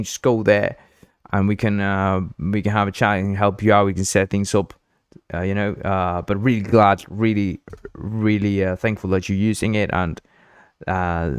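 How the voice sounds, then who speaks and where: A young man from Uruguay, hosting a game engine livestream in a rambling, excitable chat full of fillers. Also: on the low side, clear, resonant tone, no echo, clean studio sound. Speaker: livestream host.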